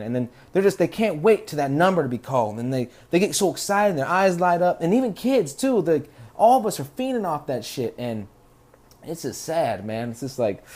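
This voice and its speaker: A man's voice: a little high, lively intonation, normal speed, darkish tone. A man hosting a podcast, telling stories in a rambling, profane, laid-back way. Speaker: podcast host. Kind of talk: casual rambling monologue.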